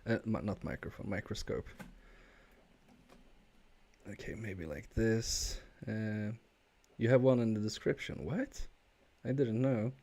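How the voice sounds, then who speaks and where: A man casually chatting with viewers on a live stream while repairing a game controller, talking haltingly with fillers and restarts. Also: on the low side, darkish tone. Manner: halting, many fillers and restarts, chuckling asides. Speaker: repair livestreamer.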